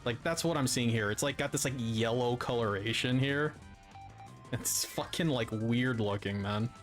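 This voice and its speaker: A man's voice: mid-range voice, moderate pace, a bit bright, soft background music. A man giving sarcastic, mocking commentary on a stream, swearing often and filling his talk with "like.". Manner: sarcastic, swears a lot, many fillers.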